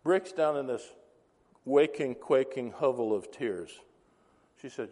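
A man's voice: medium pitch, takes it slowly, a little mellow. A man preaching a sermon, telling a story and acting out the dialogue. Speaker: pastor. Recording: reverberant hall.

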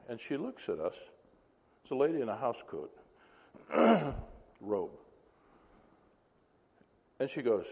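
A man's voice: medium pitch, sing-song, slow pace, creaky, long pauses, warm tone, slightly rough. A man preaching a sermon, telling a story and acting out the dialogue. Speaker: pastor. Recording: reverberant hall.

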